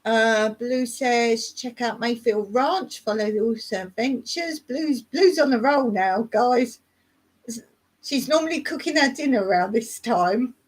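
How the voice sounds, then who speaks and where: A woman's voice: on the high side, unhurried. A middle-aged woman from England with a Surrey accent, hosting a live chat, reading out viewer comments and answering them in a rambling, chatty way with frequent laughs and fillers. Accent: Surrey English. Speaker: YouTube channel host.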